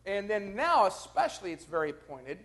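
A man with a notably high voice leads a Bible class, talking through the text one verse at a time. He keeps an easy, conversational tone and speaks straight to the group in front of him. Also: very animated, moderate pace, a bit bright. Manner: explains verse by verse, addresses the class directly. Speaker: Bible study teacher.

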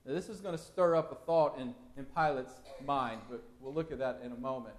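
A man's voice: medium pitch, a little fast, reverberant. A man preaching a verse-by-verse sermon, asking his listeners questions as he explains the text. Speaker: pastor. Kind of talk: expository sermon.

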